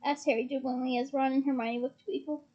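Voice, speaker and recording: A woman's voice: high voice, steady tone, quick pace, dark tone, dull audio. A woman reading a fantasy novel aloud, narrating steadily and with expression. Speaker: reader.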